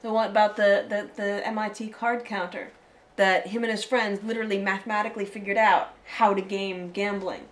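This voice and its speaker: A woman co-hosting a film review show in casual, rambling, excitable chat. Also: mid-range voice, a little fast.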